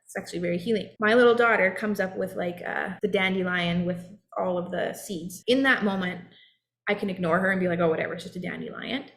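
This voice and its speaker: A woman's voice: mid-range voice, fairly even intonation, a little fast, a bit bright. A woman in her thirties giving an earnest, encouraging motivational talk as a self-help coach. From Canada. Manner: earnest, encouraging, acts out short quoted voices.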